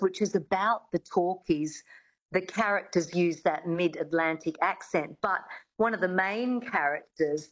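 A woman accent coach talks as a guest on a radio show. Her voice sits fairly low, and she explains in a chatty way, with many fillers and restarts. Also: poor audio.

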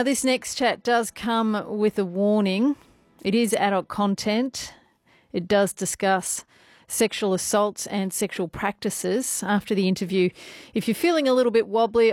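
A woman hosting a local radio show, brisk and friendly as she talks to listeners and guests. Her voice sits at a middle pitch and stays easy to follow. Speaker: radio host. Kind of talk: radio presenting and interview.

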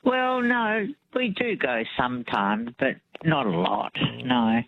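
A woman's voice: a bass voice, very animated, takes it slowly. A woman calling in to a radio quiz, chatty and modest. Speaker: caller. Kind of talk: call-in radio chat. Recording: phone line.

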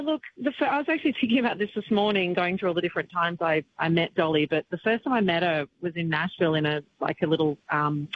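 A woman's voice: sits low, lo-fi sound, slight background noise. A woman country singer talking as an interview guest, grieving but chatty, with many restarts and fillers. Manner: tearful yet chatty, many restarts and fillers, laughs often. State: upset, grieving. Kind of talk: emotional casual chat.

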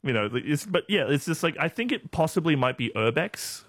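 A man co-hosting a casual chat show, rambling through stories with deadpan jokes. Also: a little high, brisk, a little hiss or hum. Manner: rambling, deadpan joking, lots of fillers. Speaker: co-host.

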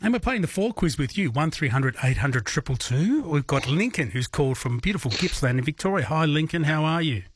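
A man's voice: on the high side, animated, a little fast, few pauses, a little hiss or hum. An Australian man hosting a late-night radio quiz, friendly and chatty with callers. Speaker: radio host. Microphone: studio microphone.

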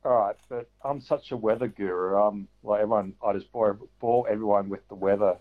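A man's voice: lowish voice, fairly even intonation, a little fast. A man calling into a radio quiz, chatty and self-mocking. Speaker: caller. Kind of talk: casual phone-in chat. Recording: dull phone-in line.

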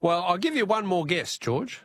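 A man's voice: high-pitched, big pitch swings, moderate pace, a bit bright, dry recording. An Australian man hosting a radio talkback quiz in a chatty, jokey way, chuckling at himself between callers.

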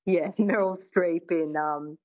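A woman with a fairly low voice, guesting on a radio interview as a coach. She talks in a hesitant way and often restarts her sentences. The sound is dull and lo-fi. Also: steady tone, slow pace. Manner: hesitant, many restarts and "I mean". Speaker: accent coach.

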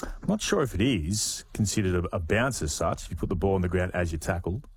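A man's voice: low voice, animated, husky, no room sound. A man with an Australian accent hosting a sports talk radio show, taking calls and discussing football. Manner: takes calls, brisk presenter reads.

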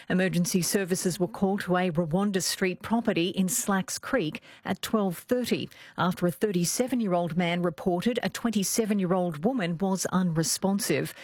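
Crisp Australian woman reading news. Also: fairly low pitch, a little mellow, dry recording. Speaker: newsreader. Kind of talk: radio news bulletin reading. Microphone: studio microphone, dry.

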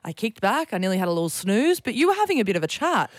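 A woman's voice: medium pitch, sing-song, quick pace, no room sound. An Australian woman co-hosting a breakfast radio show, teasing her co-host playfully. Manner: teasing, playful, laughs often. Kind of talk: casual on-air chat. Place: radio studio.

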